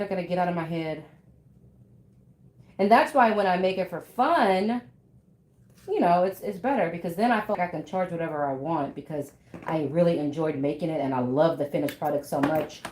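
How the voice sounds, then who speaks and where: A woman's voice: sits low, darkish tone, slight background noise. A woman in her thirties chatting casually with viewers while she sews at home, laughing often and talking to them by name. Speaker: bag maker live-streaming while sewing. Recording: echoey room.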